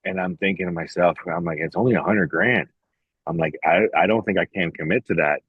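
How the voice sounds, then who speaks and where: A man with a low, husky voice tells a long, rambling story in casual podcast talk, swearing freely and acting out both sides of old conversations. The sound is dry and close, but a little dull. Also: steady tone, a little fast, no room sound. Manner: profane, rambling, quotes others in dialogue. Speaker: podcast guest.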